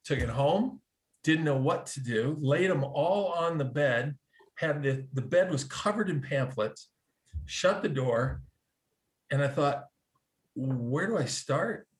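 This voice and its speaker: A man telling a personal story in a casual, animated way, acting out quoted dialogue, with frequent restarts. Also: a little high, takes it slowly. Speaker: guest telling a conversion story.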